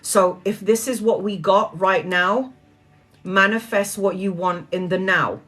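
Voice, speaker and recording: A woman's voice: mid-range voice, steady tone, measured pace, a bit bright. A woman talks to her viewers about spirit and the present moment. She is earnest and a little preachy, with easy laughs between her points. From Brazilian heritage. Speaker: spiritual speaker. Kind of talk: casual spiritual talk to viewers.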